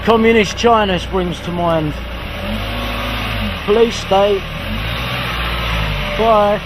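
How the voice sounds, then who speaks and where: A man's voice: sits high, extremely slow, background noise. A man, frustrated and swearing as he films a confrontation on a street. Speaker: vlogger confronting police.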